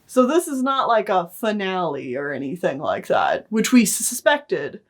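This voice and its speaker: A woman co-hosts a film review podcast in relaxed, casual chat. Her voice sits at a middle pitch, and she keeps the talk loose and rambling, full of fillers. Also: a little slow. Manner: chatty, loose, many fillers. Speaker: podcast co-host reviewing films.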